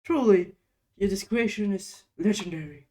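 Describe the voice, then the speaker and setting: A woman's voice: mid-range voice, moderate pace, warm tone, faint music behind, lightly acted. A woman voicing a haughty, sarcastic male talking book in a game, with a pompous, sardonic delivery.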